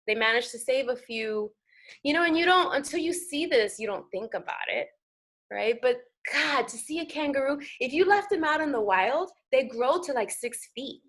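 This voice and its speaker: An American actress talking as a guest on a talk show, animated and chatty with lots of fillers. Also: female voice, high voice, normal speed. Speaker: guest actor. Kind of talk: casual interview chat.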